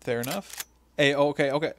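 A man co-hosting a casual podcast, recapping matches in a lively way and acting out quotes. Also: a little high, fairly quick. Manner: animated recapping, acts out quotes. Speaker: podcast co-host. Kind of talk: casual chat.

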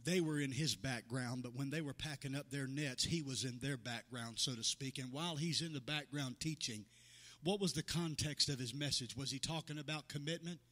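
A man's voice: mid-range voice, moderate pace, a bit bright, big-room sound. A male pastor preaching a sermon to his congregation. He builds in fervor, acts out the voices of the people in his stories and calls to members by name. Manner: preaching with rising fervor, acting out quoted voices. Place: church sanctuary.

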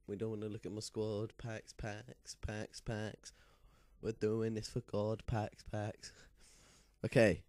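A young man hosting casual gameplay commentary with a lingering cough, chatty and quick to get excited. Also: lowish voice, no echo. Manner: chatty, excitable when reacting. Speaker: gaming channel host.

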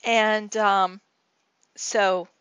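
A woman's voice: medium pitch, fairly even intonation, extremely slow, a bit bright, smooth, dry recording, muffled recording. A woman talking casually as she shows her scrapbook page, rambling through a story with lots of fillers and restarts. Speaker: scrapbooking channel host. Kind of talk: casual storytelling and craft tutorial.

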